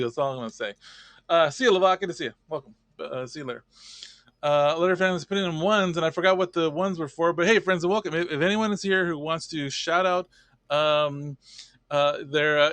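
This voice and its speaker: A man's voice: medium pitch, fairly bright tone, dry recording. A man hosting a casual live stream, rambling and chatty, greeting viewers by name.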